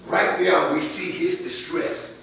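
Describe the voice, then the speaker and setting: A man preaching a sermon as pastor, his voice swelling louder as he drives points home. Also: high voice, big pitch swings, slow pace, creaky, a little hiss or hum. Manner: preaching with rising volume and calls of amen. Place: church sanctuary. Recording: distant mic in an echoey church hall.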